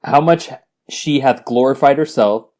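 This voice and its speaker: A man's voice: medium pitch, unhurried, a little mellow. A man co-hosting a podcast, reading scripture aloud and mocking it with crude jokes and frequent laughter. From Las Vegas. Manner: crude jokey, laughs often. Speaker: podcast co-host. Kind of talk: irreverent comedic scripture reading.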